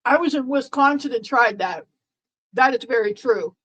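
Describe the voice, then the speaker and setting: A woman hosts a live stream and chats casually with her viewers, and her voice sits a little on the high side. She rambles along with plenty of fillers and restarts. She keeps up a playful, teasing banter with the chat. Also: moderate pace, a bit bright, husky, rough recording. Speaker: livestream host.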